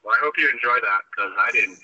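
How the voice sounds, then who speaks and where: A man's voice: on the low side, fast, bright, forceful tone. Man ranting over a muffled phone. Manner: profane, exasperated rant. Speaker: podcast regular calling in. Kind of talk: ranting voice message. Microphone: phone on speaker.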